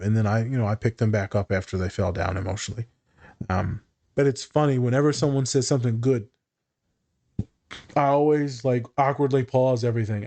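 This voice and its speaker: A man, a therapist, chatting casually on a podcast, telling client stories with lots of swearing and acted-out quotes. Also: mid-range voice. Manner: profane, animated storytelling with acted-out quotes.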